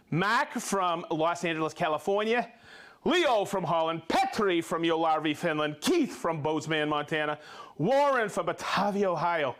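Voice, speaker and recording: Upbeat high-voiced man reading shout-outs. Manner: upbeat, rattles off names and places, stumbles on pronunciations. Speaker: livestream host.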